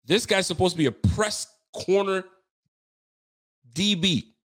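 A man's voice: high-pitched, animated, a little slow. A young man hosting a sports podcast, giving a frustrated, slangy postgame rant that keeps repeating its points.

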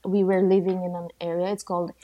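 A woman in her thirties from Bangladesh, a podcast guest chatting casually, animated and laughing often. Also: on the low side, fast talker. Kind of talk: casual conversation.

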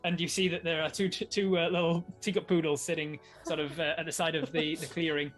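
A man's voice: a little high, quick pace, loud music behind the voice. Man narrating as game master. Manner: laughs often, animated, relaxed.

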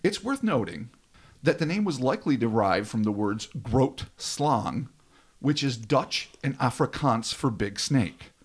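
A man's voice: mid-range voice, animated, measured pace, breathy edge. A man hosting a casual podcast, reading a dramatic script aloud and breaking off into joking asides. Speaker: podcast host.

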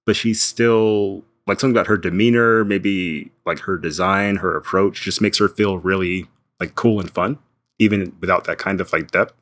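Male co-host, very deep voice, measured and reflective. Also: steady tone, fairly bright tone. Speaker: podcast co-host. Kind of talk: casual chat about comics.

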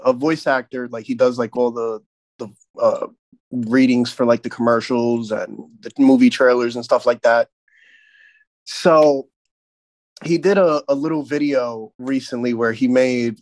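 A man's voice: mid-range voice, no echo. Rambling American man on a call. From United States. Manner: rambling, halting with fillers. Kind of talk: casual video call chat.

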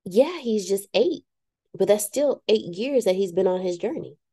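A woman's voice: medium pitch, lively intonation, normal speed, mellow, slightly rough. A woman co-hosting a casual talk show about spiritual growth, speaking candidly and poking fun at herself with preachy asides. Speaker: podcast co-host.

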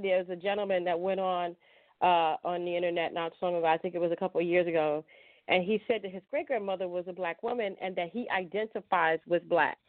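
A woman's voice: on the low side, dry recording. A woman in casual podcast conversation, agreeing readily and adding her own recollection. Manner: agreeable listener with short affirmations. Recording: tinny phone-line recording, dry.

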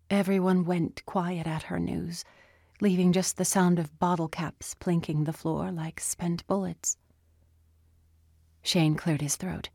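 A woman narrates a novel in a slow, measured way. Her voice is low and mellow. The recording is dry and close. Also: fairly even intonation, vocal fry, breathy edge, no echo. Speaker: audiobook narrator. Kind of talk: scripted narration.

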